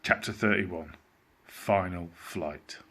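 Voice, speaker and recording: A man reading a children's storybook aloud as a teacher, in an animated, expressive way. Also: deep voice, takes it slowly, slight background noise.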